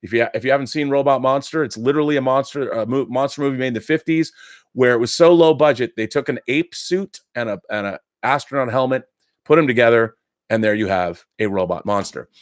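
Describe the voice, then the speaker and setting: A middle-aged man hosts a casual live stream, reading viewer letters in a chatty, enthusiastic way and often restarting sentences. His medium-pitched voice moves briskly, captured with studio quality and no room sound.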